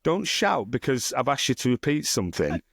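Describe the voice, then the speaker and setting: A man's voice: medium pitch, sing-song, brisk, creaky, a bit bright, breathy edge, dry recording, clean studio sound. A man with a Northern English accent chatting on a podcast, rambling and swearing freely as he teases his co-host. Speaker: podcast co-host and self-published author. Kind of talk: casual podcast chat.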